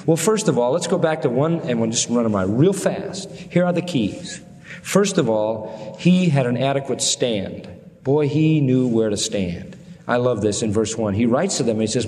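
A man preaching a sermon at a middle pitch, with his voice leaping up on questions and sinking low and soft for sad stories. His words ring out in a large hall with a long tail of reverb. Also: lively intonation, moderate pace.

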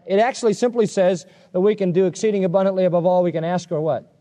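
A man's voice: high voice, quick pace. A man preaching an expository sermon, emphatic and conversational, telling stories from his own life. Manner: animated, emphatic, conversational storytelling.

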